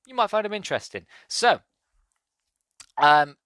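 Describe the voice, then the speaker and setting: A man's voice: sits high, very animated, unhurried, sharp tone, dry recording. A man hosting a podcast, casually reviewing a film in a rambling, enthusiastic way with many fillers. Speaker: podcast host. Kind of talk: casual movie review monologue.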